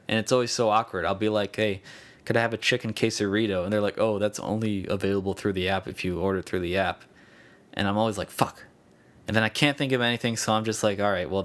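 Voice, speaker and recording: A man's voice: lowish voice, fairly bright tone. A young man hosting his own podcast, rambling in a casual, profane and self-mocking way. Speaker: podcast host.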